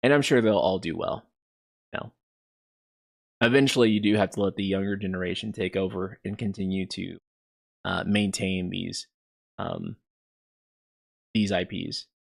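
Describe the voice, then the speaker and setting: Gravelly low-voiced man rambling on stream. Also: fairly even intonation, normal speed, long pauses. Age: 30s. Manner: rambling, many fillers like "you know" and "like". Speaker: streamer host. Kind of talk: casual livestream commentary.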